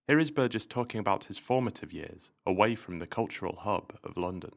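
A man hosting and narrating a podcast episode in a measured, informative scripted style. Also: on the low side, animated, vocal fry.

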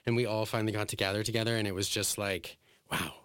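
A man with a somewhat low voice tells stories in a relaxed interview, packing his speech with filler words and acting out quotes. He is emotional and laughs often. The sound is dry and close, with no room echo. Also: fast talker, smooth. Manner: chatty, full of "like" fillers, acts out quotes. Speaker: drag performer and guest. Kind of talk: casual interview storytelling.

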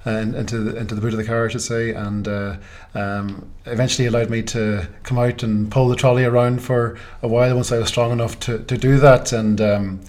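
A man's voice: mid-range voice, flat delivery, brisk, hardly any pauses, darkish tone. A man, a golf sales manager, answering interview questions in a friendly, hesitant way with many ums and uhs. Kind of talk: casual interview chat.

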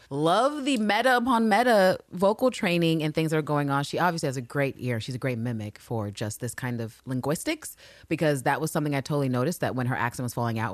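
A woman co-hosting a podcast in casual chat, animated and profane, swinging between loud rants and low asides. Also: dry recording. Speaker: podcast co-host.

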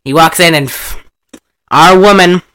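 A man casually retelling an old film, animated and profane, laughing often and acting out the characters' lines. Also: on the high side, measured pace. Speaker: movie recapper.

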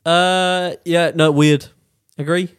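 Sweary, laughing podcast host. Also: male voice, on the high side, steady tone, takes it slowly, clear, resonant tone, no room sound, studio quality. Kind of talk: casual banter.

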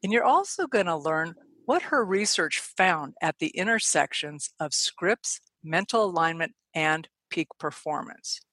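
A woman hosting a podcast, reading a guest introduction and then asking questions, eager and quick. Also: fairly low pitch, lively intonation, a bit bright, no echo. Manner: enthusiastic, quick, admiring. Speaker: podcast host.

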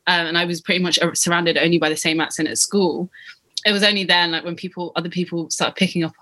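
A young woman with a British English accent, talking in a relaxed, reflective way as the interviewee, often pausing and restarting her sentences. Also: lowish voice. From England. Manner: hesitant, many restarts and fillers. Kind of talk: casual reflective chat.

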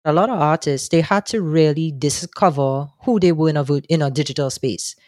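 A man answering interview questions, thoughtful and animated, often restarting his sentences. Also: on the high side, a little fast, no echo, studio quality. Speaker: guest, soca music commentator.

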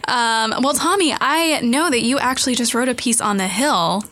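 A woman's voice: on the high side, moderate pace, bright, forceful tone, no echo. A woman co-hosting a political talk show, speaking conversationally and prompting her co-host with questions. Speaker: podcast co-host.

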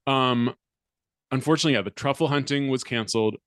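A man's voice: mid-range voice, quick pace, fairly bright tone, clean tone, no echo. Dry-voiced man reading aloud wryly. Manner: wry, reads quotes with mock drama. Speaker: podcast co-host. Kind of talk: casual chat, reading an article aloud.

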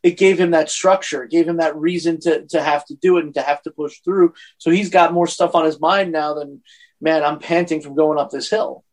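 A man in a casual film discussion, speaking haltingly with many "uh"s. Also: fairly high pitch, fairly even intonation. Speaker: podcast co-host.

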